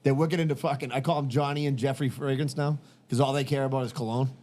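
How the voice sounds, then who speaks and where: A man's voice: medium pitch, steady tone, fast talker, darkish tone. A man, telling rambling, profane stories on a casual podcast and acting out what people said. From Massachusetts. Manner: profane, rambling storyteller who acts out quotes. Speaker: podcast host.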